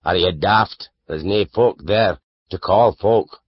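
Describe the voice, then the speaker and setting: An actor reading an audiobook and voicing a blunt, loud Scottish cart driver. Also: male voice, deep voice, slow pace, slightly rough, no echo, highs cut off, exaggerated voice. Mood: gruff. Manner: blunt, forceful. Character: gruff blunt Scottish carter, middle-aged man.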